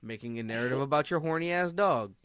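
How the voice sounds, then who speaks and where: A man co-hosting a podcast in casual chat, with a Baltimore accent, swearing freely and breaking into high excited yelps when he retells a story. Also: fast talker, crowd noise. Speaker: podcast co-host.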